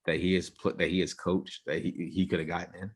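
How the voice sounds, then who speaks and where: A man's voice: sits low, little pitch movement, fast talker, husky. A young man co-hosting a casual podcast, arguing his points and laying out theories, often repeating himself. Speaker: podcast co-host.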